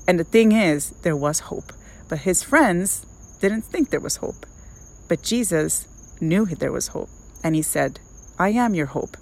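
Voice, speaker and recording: A woman hosts a faith devotional podcast, her voice sitting a little low for a woman. She talks earnestly and chattily, full of fillers and restarts. Faint crickets chirp in the background. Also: slight background noise. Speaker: podcast host.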